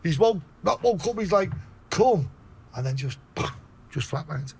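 A man with a Liverpool accent telling a story in a casual way, swearing a lot and acting out his own shouts. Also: high-pitched, lively intonation, measured pace, vocal fry, a little hiss or hum. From Liverpool, England.

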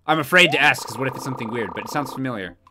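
A man's voice: medium pitch, animated, very fast, noisy background. A young man live-streaming a game from home, chatty and goofy as he thanks viewers and reacts to chat. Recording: game music behind the voice.

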